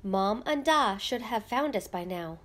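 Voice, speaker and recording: A woman voicing a frightened little immigrant girl in a storybook, high and tearful. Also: expressive, measured pace, a bit bright.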